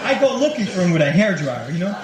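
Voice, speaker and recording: High, lively male stand-up comic. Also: a loud crowd, heavy background noise. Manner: animated, acts out quick voices in jokes. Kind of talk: stand-up comedy set. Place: comedy club stage, 1983. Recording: echoey live club tape from a distance. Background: audience laughter.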